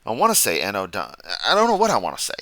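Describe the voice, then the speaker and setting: A man's voice: on the low side, huge pitch swings, very fast, bright, forceful tone, no echo. A man doing casual reaction commentary, rambling off on tangents and laughing at his own jokes, sounding sleepy. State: sleepy, yawning.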